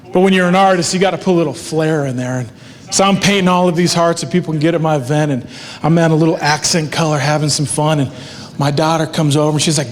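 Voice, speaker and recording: A middle-aged man delivers a motivational talk on stage, telling stories with lively energy and jumping into playful voices for the people in them. His voice sits a little on the high side. It rings out with long reverb in a large hall, over a faint background hiss. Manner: animated storytelling, acts out voices. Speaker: motivational speaker. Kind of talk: keynote speech with live art. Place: large hall with live audience.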